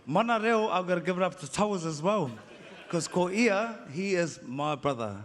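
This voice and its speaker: On a concert hall stage, a man with a New Zealand accent gives a rambling, playful acceptance speech, laughing often. His voice sits high and sounds animated at normal speed, echoing through the large hall amid crowd noise.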